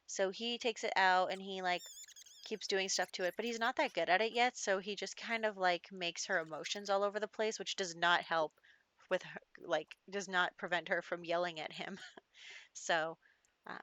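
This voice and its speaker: A woman's voice: fairly low pitch, fairly even intonation, moderate pace, a bit bright, no echo. A young adult woman giving casual gameplay commentary, chatty and laughing often, with lots of fillers. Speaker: gaming YouTuber.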